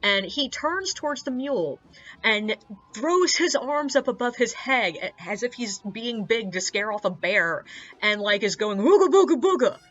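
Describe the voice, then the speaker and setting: A woman's voice: mid-range voice, a little slow, a bit bright, highs cut off. A young woman, a tour guide, telling anecdotes in a chatty, casual way, peppered with likes, uhs and swearing. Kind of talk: casual storytelling vlog.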